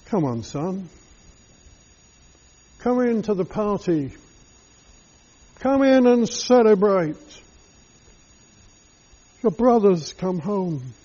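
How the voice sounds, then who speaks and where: A tender, peace-loving old father gently coaxes his son, as a male preacher puts him on. He speaks softly and slowly in a mellow tone, and the recording is dull and lo-fi. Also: high-pitched, expressive, exaggerated voice. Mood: pleading. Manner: gentle, soft-spoken.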